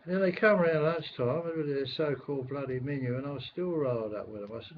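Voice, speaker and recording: A man's voice: medium pitch, fast, hardly any pauses. An older man with a London accent rambles and grumbles his way through a casual webcam chat. The webcam audio is dull and lo-fi, with a faint hiss underneath. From England. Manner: rambling, grumbling, swears mildly. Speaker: webcam caller. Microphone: webcam microphone.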